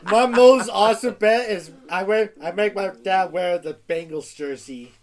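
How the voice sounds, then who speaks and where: A man with a high voice chatting on a casual podcast. He is blunt and quick, firing off short interjections. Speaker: podcast co-host. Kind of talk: casual chat.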